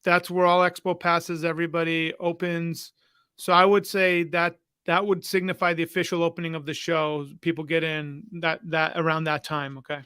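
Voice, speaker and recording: Energetic male guest, slightly high, bright voice; lively storyteller. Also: moderate pace, smooth, no echo. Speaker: conference organizer, guest. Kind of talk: casual livestream chat.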